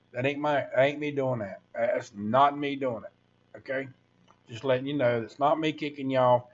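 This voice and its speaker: Sixties male streamer, rambling preachy rant over a muffled computer mic. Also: medium pitch. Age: 60s. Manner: rambling, preachy, addresses viewers as folks. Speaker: livestream host. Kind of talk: casual livestream rant.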